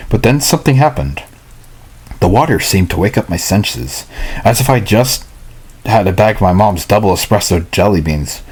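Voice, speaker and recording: A man reads a novel aloud at home, and his voice sits low and husky. He reads in a halting way, stumbling and going back over whole lines before he carries on. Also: animated, a little mellow. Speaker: hobby reader. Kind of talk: reading a novel aloud, with casual asides.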